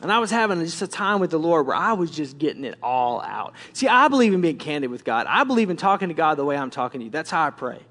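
A man's voice: a little high, sing-song, quick pace, few pauses, fairly bright tone. A male pastor preaching a candid, conversational sermon with frequent restarts.

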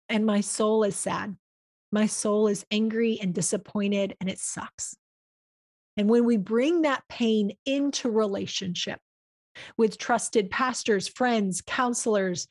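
A woman hosting a podcast, giving an earnest, heartfelt, faith-based reflection in a conversational way. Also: fairly high pitch. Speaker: podcast host.

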